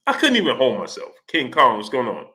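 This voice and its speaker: A man with a bright, forward voice hosts a casual sports livestream. He keeps greeting viewers in the chat by name between points and breaks into animated, exasperated rants. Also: mid-range voice, brisk. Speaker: livestream host.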